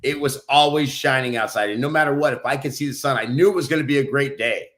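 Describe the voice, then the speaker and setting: A man's voice: medium pitch, fast talker, a bit bright. Guy from new mexico hyping you up on a podcast, upbeat pep talk vibe, mid voice. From New Mexico, USA. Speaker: podcast co-host. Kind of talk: motivational casual talk.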